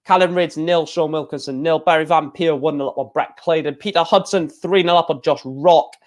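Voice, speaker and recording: A man's voice: a little high, steady tone, a little fast. A young man hosting a casual livestream, reading out match scores and rambling and correcting himself as he goes. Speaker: livestream host.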